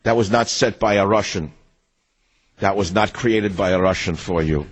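A man's voice: low voice, normal speed, muffled recording. An older man hosting a political talk radio show, reading an ad and then ranting in a combative, mocking way.

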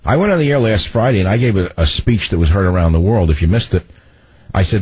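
An older man hosting political talk radio, ranting in a loud, commanding voice. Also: low voice, expressive, fast talker, no echo. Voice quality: husky. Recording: dull lo-fi radio broadcast.

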